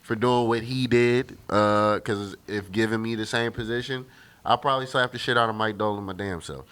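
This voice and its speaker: A man's voice: lowish voice, steady tone, normal speed, fairly bright tone, clear, resonant tone. A man who is a guest on a podcast, talking sports in a casual, emphatic way and building up his arguments point by point. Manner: emphatic, argues by building lists.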